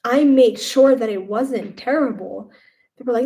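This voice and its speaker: A young woman on a casual live stream talks from her room at home, her mellow, warm voice wandering from thought to thought. When she quotes other people her delivery turns animated, then settles back into relaxed chat. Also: on the high side, moderate pace.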